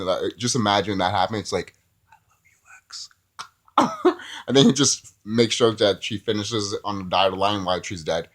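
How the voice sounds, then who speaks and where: A man's voice: fairly low pitch, a bit bright. A man giving a casual, rambling movie review who often laughs at his own jokes.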